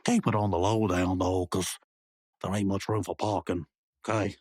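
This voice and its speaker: A man with a lower voice rambles through an improvised comedy bit, stacking slang with swagger. The sound is dry and close. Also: little pitch movement, normal speed, a little mellow, slightly rough, dry recording. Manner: rambling slang-heavy bravado. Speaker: podcast co-host.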